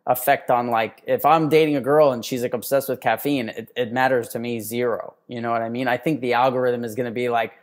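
A man co-hosting a podcast, telling stories in a loose, animated way, full of "like" and restarts. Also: mid-range voice, fairly quick, few pauses. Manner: animated storyteller, heavy use of "like". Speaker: podcast co-host. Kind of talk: casual podcast chat.

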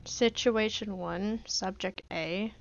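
Slow-talking woman narrating a game. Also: mid-range voice, fairly even intonation, gravelly, dull audio. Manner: chatty, talks to herself while playing, jokey pleading. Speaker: gaming video creator. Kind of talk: casual let's-play commentary.

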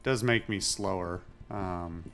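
A man's voice: low voice, takes it slowly, a bit bright, slight background noise. A man giving casual, musing commentary while playing a game, swearing now and then. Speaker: let's play host.

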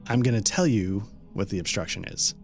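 A man's voice: fairly low pitch, fairly quick, faint music behind. A man narrating as game master of a horror role-playing game, casual and explaining with many fillers.

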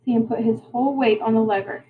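A woman teacher reading a novel aloud to her class, unhurried and plain, with small slips and restarts. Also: fairly high pitch, steady tone, phone-quality sound, faint music behind.

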